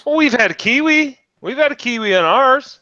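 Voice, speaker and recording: A man hosting a casual podcast, joking and excitable, swearing freely. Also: extremely high pitch, normal speed, no room sound, lo-fi sound. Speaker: podcast host.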